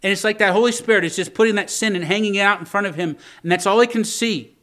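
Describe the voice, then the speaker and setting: Guy preaching, fairly high bright voice, pleads and quotes scripture. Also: fast. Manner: impassioned preaching, quoting scripture in old English, pleading voice for David. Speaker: pastor. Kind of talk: sermon.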